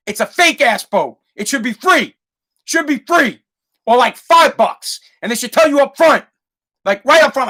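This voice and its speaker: A podcast host in his thirties delivers a comedic ranting monologue in a very high, bright, forceful voice at a moderate pace. He gets worked up, swears, repeats himself, and restarts many times.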